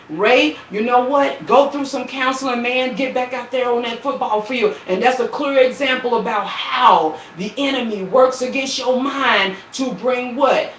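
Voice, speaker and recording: A woman delivering an impassioned, preaching-style appeal on a live stream, repeating phrases and quoting scripture, swelling into shouts and dropping soft, recorded on a phone. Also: on the high side, slight background noise. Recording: roomy, distant, dull phone recording.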